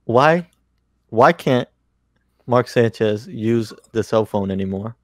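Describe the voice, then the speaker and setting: A man's voice: medium pitch, lively intonation, slow, dry recording. A man co-hosting a podcast, chatting casually and telling dry jokes. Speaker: podcast co-host. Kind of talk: casual chat.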